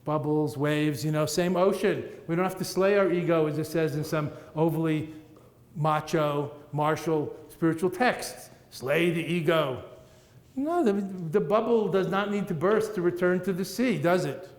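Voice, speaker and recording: Male Buddhist teacher, middle-aged, playful and rhythmic, slightly high voice, hall reverb. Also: normal speed. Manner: playful, rhythmic, laughs at his own jokes. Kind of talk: dharma talk to an audience. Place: large meeting room with audience. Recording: echoey hall, roomy reverb.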